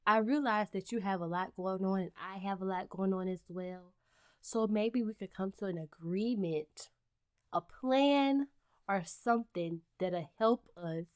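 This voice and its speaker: A woman voicing a calm husband who soothes his upset wife, in a low, hushed voice. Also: no echo, studio quality, lightly acted. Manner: soft, low, placating murmur.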